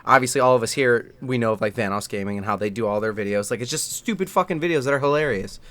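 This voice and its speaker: A man's voice: mid-range voice, quick pace, fairly bright tone. A young man co-hosting a casual podcast chat, rambling and swearing with lots of fillers. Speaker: podcast co-host.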